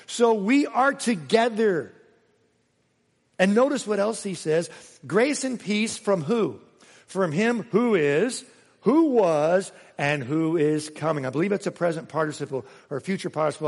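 A man's voice: sits high, creaky, in a large hall. A man preaching a sermon as pastor, earnest and building to emphatic repeated phrases. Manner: earnest, rising to emphatic repetition.

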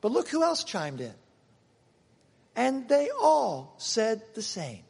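A man with a high voice preaches in a church, and the sound rings with a long hall reverb. He reads scripture dramatically and swings from loud, emphatic lines to hushed ones. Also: wildly swooping pitch, slow pace, gravelly, breathy edge. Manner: dramatic reading of scripture quotes. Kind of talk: sermon.

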